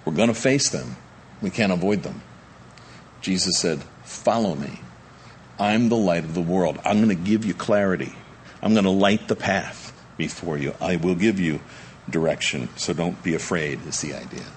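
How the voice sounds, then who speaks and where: A pastor with a fairly low voice preaches from the pulpit, shifting from slow, hushed lines to excited, raised ones as he acts out the frightened disciples. A faint hum of ambience sits behind him. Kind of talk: sermon.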